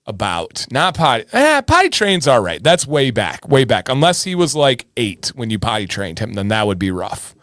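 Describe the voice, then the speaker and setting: A man's voice: mid-range voice, a bit bright, no room sound, clean studio sound. A man hosting a casual livestream, greeting viewers by name and answering questions from the chat. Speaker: livestream host.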